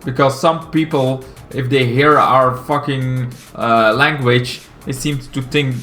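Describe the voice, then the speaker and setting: A Belgian man with a Flemish Dutch accent talks through comics in a loose, rambling way, full of swearing and halting "uh"s. His voice sits at an ordinary middle pitch, with faint music playing behind him. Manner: profane, excitable, halting with many fillers. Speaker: comics commentator. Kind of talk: casual rambling commentary.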